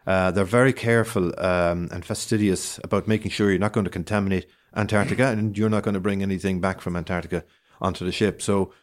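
A man with a low voice and a light lilt tells a travel story in relaxed conversation. He talks with lots of fillers, false starts and growing enthusiasm. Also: fast talker. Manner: animated storyteller with many fillers and restarts. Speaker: guest. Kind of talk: casual chat.

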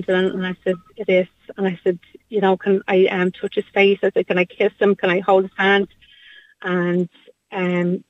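A middle-aged Irish woman speaking by phone in an interview, halting and repeating herself with many fillers. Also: medium pitch, dry recording. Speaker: guest, bereaved mother. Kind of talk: phone interview, emotional recounting. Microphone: phone line. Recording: dull phone line.

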